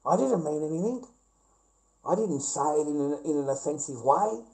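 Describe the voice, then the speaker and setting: Australian man, middle-aged, slightly high voice, swearing, repetitive ranting. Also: animated, normal speed, a little mellow, poor audio. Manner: profane, repetitive, rambling storyteller. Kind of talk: casual rant to camera.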